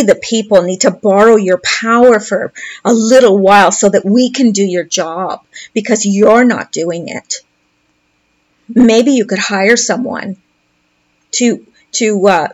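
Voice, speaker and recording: A woman's voice: medium pitch, measured pace. A woman commentator reading posts aloud and commenting on them in a sarcastic, mocking way.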